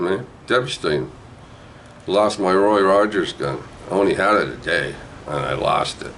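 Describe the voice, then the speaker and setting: A man's voice: sits low, slight background noise, rough recording. A man, rambling through a childhood memory with lots of tag questions. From New Brunswick, Canada. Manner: rambling, digressive, with frequent "eh" and "right". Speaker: storyteller. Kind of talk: casual spoken memoir.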